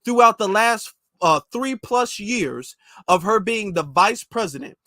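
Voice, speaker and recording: Ranting guy on a vlog, high-pitched, super dry sound, keeps repeating himself. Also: lively intonation, measured pace, pushed and bright, no room sound. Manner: incredulous, repetitive, ranting. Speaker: commentary vlogger. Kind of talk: opinionated commentary.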